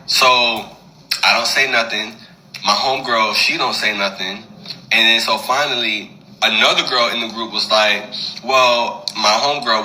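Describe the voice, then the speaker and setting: Bright-voiced man telling a story. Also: medium pitch, moderate pace, a little hiss or hum, rough recording. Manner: conversational, animated retelling. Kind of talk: casual storytelling.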